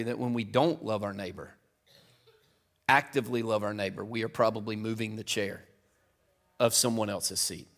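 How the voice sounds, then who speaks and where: A middle-aged man preaching a sermon in a church, chatty and casual, building to loud, emphatic peaks. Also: mid-range voice. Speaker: pastor. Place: church auditorium.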